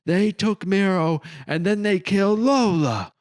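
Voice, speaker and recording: A fierce young woman fighter , as a male narrator puts her on, full of defiance and grief. The voice is pitched well above the narrator's own and sounds raised and tight, yet stays clear. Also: steady tone, normal speed, lightly acted. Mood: defiant. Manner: intense and defiant.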